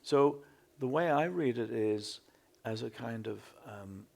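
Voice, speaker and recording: A man speaking as a poet on a literary panel, deliberate and measured in his phrasing. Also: medium pitch, animated, gravelly, darkish tone. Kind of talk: panel discussion.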